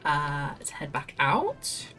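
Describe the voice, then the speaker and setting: A woman's voice: deep voice, wildly swooping pitch, slow pace, pushed and bright, soft background music. A woman streaming a game, chatting casually and reading quest dialogue aloud with self-mocking asides. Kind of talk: casual gameplay commentary.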